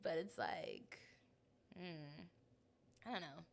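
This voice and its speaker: A woman's voice: low-pitched, huge pitch swings, slow, creaky. A young woman co-hosting a podcast in casual chat, blunt and slangy, laughing often. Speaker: podcast co-host.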